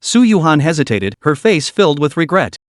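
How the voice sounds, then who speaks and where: A man narrating a story recap in a steady, even scripted delivery. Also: on the high side, fairly quick, no room sound, clean studio sound.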